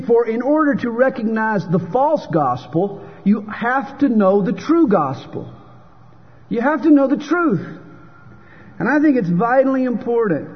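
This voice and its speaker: A man preaching a sermon as pastor, emphatic and dramatic, with pauses for effect. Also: high-pitched, breathy edge. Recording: dull sound with long hall reverb.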